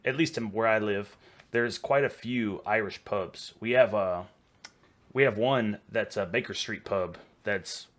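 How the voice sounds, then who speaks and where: This Texan man hosts a reaction video, his voice fairly low-pitched with a bit of brightness. He's a little tipsy, rambling and chatty, laughing easily through his casual reaction commentary.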